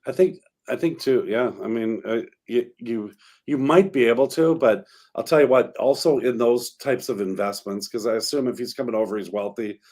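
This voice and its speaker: A man's voice: mid-range voice, darkish tone. Man talking through ideas on radio. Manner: long, halting explanations. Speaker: realtor and radio co-host. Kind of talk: casual radio talk. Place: radio studio.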